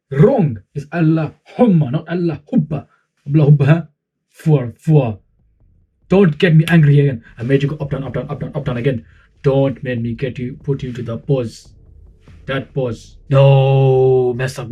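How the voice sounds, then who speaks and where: A man voicing a strict male Quran teacher who scolds and threatens in a slow, drawn-out way. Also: medium pitch, breathy edge, phone-quality sound. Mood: scolding.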